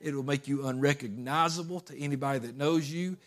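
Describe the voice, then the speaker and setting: A man's voice: medium pitch, a little fast, fairly bright tone. Folksy preacher man. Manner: folksy, emphatic storytelling with repeated phrases. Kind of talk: sermon.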